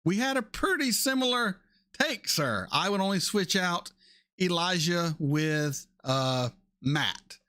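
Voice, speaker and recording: A man in his thirties hosting a casual chat, answering viewer questions in a blunt, animated way and swearing freely. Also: high voice, slow. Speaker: reaction channel host.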